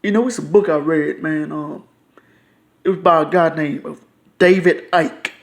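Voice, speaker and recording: A man's voice: on the high side, a little slow, vocal fry. A man, ranting casually and profanely to his own video channel, frustrated and repetitive. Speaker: YouTuber.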